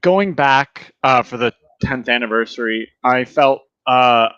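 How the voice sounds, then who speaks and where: A man's voice: medium pitch, a little slow, fairly bright tone, smooth, no echo. A young man hosting a podcast, chatting casually and joking around in a playful way. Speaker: podcast host. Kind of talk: casual chat. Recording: dull lo-fi dry sound.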